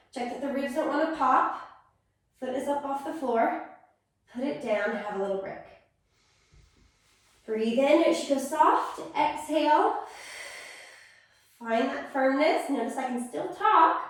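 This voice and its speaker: A woman fitness instructor calmly cueing a core stability class step by step. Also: fairly high pitch. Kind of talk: guided exercise class. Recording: echoey room, far from mic.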